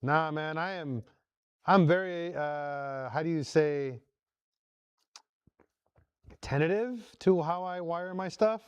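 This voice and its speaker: A man's voice: fairly high pitch, slow, pauses often, smooth, no echo, highs cut off. A man hosting a casual workshop vlog from his home garage shop, talking viewers through each step as he works. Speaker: host.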